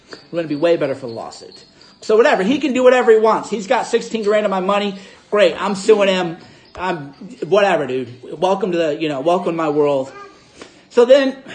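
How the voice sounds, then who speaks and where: A man casually recounting a story to his audience, acting out both sides of an argument with animated delivery. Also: high-pitched. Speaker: host.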